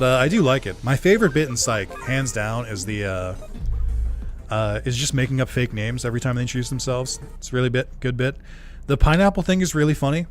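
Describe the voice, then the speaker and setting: A man streaming a video game, chatting casually with viewers in a rambling, jokey way, laughing often and swearing now and then. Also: mid-range voice.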